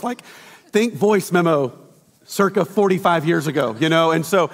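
A middle-aged man preaching a sermon in a lively, conversational way, acting out quotes and sometimes shouting. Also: on the high side, fast. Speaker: pastor. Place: church auditorium. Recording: reverberant church hall.

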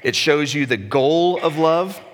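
A man's voice: a little high, a little slow. A man preaching a sermon as a pastor, in a conversational way with self-deprecating humor. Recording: echoey hall.

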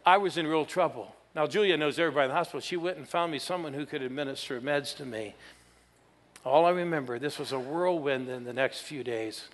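Man, 60s, pastor, sermon, storytelling, playful with the crowd, somewhat high voice, long hall reverb. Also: fast talker, a little hiss or hum.

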